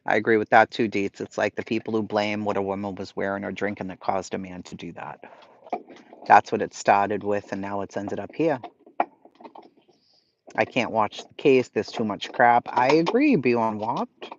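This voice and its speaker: A man's voice: fairly low pitch, normal speed, a little hiss or hum. Blunt, profane Boston man ranting. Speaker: livestream host reading chat. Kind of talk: casual chat. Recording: slightly lo-fi stream audio.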